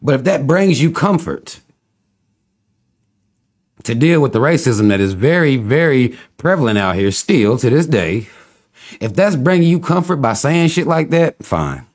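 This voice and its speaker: A man's voice: medium pitch, sing-song, unhurried, a little mellow. Laughing man riffing on a livestream. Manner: laughs often, loose, mocking and rambling. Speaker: livestream host reading viewer comments. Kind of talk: casual livestream chat.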